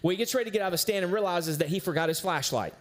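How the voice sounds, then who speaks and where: A man preaches from the pulpit with a noticeably high voice. He tells his story casually, then hammers his point with repeated, emphatic lines. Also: very fast. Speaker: pastor. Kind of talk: sermon.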